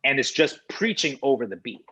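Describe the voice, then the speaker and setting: A man guest on a podcast, telling a lively anecdote and acting out the dialogue of others. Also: mid-range voice, a little fast, slightly rough, rough recording. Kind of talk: animated storytelling in conversation.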